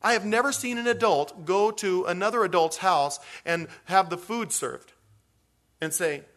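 A man preaching a sermon as pastor, talking conversationally with jokey asides and acting out little quotes. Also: a little slow. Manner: animated, acts out quotes with big pitch swings.

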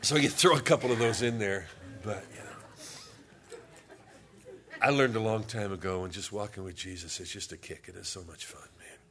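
A man's voice: fairly low pitch, normal speed, fairly bright tone. Folksy man preaching a sermon. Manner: conversational, humorous storytelling. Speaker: pastor.

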